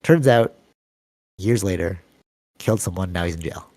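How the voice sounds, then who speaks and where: A Canadian podcast co-host with a mellow voice rambles through long-winded stories at a moderate pace, full of fillers, in casual podcast chat. He acts out quoted voices with sudden jumps in pitch, and there's no room sound.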